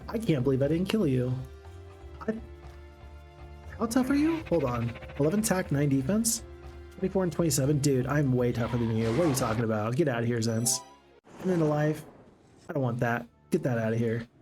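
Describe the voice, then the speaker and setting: A man streaming a strategy game, chatting excitedly to his viewers. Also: medium pitch, fast talker, music in the background. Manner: excitable, chatty, talks to chat. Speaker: gaming streamer. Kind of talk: live game commentary.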